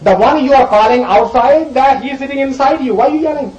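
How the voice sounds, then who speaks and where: A man teaching a group as he explains scripture verses, animated and emphatic, swinging between loud questions and soft asides. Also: extremely high pitch, fast, few pauses, echoey room, highs cut off. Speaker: spiritual teacher.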